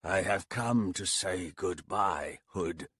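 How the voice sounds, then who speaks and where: A grave, solemn elder, played by a male narrator in a fantasy audiobook. He speaks slowly in a low, husky voice, weighing every word. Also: a bit bright, dry recording, clean studio sound, full character voice. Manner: slow, grave.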